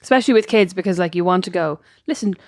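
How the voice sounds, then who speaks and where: Fast-talking woman, low voice. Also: darkish tone, no echo, clean studio sound. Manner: chatty, quick, lots of fillers. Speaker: podcast co-host. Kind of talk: casual chat.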